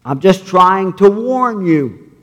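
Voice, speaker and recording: A man voicing a sly parrot that squawks, with a deadpan delivery and a long reverb in a sanctuary. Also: high voice, takes it slowly, voice pushed up, heavily acted.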